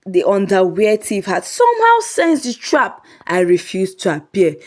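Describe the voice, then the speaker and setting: A woman narrating a comic folk story in a lively, humorous way. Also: medium pitch, a little slow.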